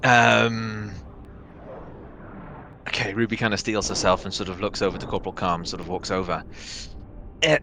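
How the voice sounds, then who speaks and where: A man's voice: lowish voice, little pitch movement, moderate pace, long pauses, bright, forceful tone, a little hiss or hum. A man playing a tabletop game who talks casually and hesitantly. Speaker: player.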